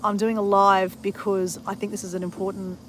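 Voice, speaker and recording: A woman's voice: mid-range voice, level tone, fairly quick, a little hiss or hum, poor audio. A middle-aged woman talking casually to a live stream on her phone outdoors, rambling and adding "right?" often. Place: outdoors at a bushland cemetery.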